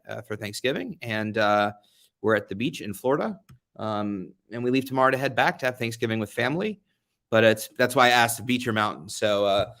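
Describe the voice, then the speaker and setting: A man's voice: mid-range voice, fairly bright tone. A young American man hosting a casual live-stream chat from a beach getaway, greeting viewers by name and joking about himself. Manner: chatty, self-deprecating, greets viewers by name. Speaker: livestream host, advocate. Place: beach rental during a getaway.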